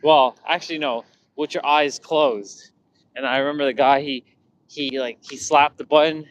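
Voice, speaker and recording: A male vlogger tells stories loosely and casually, rambling, restarting sentences and acting out quotes. His medium-pitched voice has a steady tone and normal speed, captured on a rough recording.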